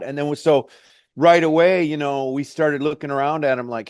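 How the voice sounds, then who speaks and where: A middle-aged man tells his climbing story as a guide, loose and rambling, leaning on "like" and "hey, man". His voice sits at an ordinary pitch for a man. The sound is dry and close, with no room around it. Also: fairly quick, darkish tone, no room sound. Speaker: mountain guide. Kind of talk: casual storytelling interview.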